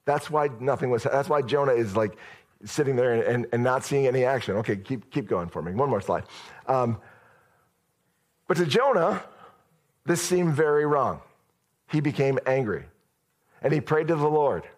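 A man's voice: medium pitch, expressive, normal speed, pauses often. Conversational male pastor preaching. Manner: conversational, storytelling, addresses the church directly. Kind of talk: sermon.

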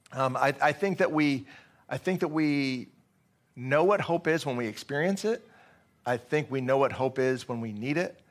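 A man's voice: on the high side, fairly bright tone. A man preaching a sermon to his congregation in a conversational way, with fillers and restarts along the way. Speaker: pastor.

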